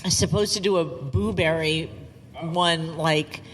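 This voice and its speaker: A woman's voice: low voice, measured pace. A woman chatting cheerfully on a convention panel about voice work. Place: large convention hall. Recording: long hall reverb.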